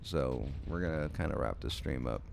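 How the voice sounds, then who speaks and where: Late at night, a sleepy man streams a game and chats casually with viewers, yawning and rambling hesitantly with lots of ums and restarts. His voice is extremely low, creaky, and darkish at a moderate pace, with slight background noise.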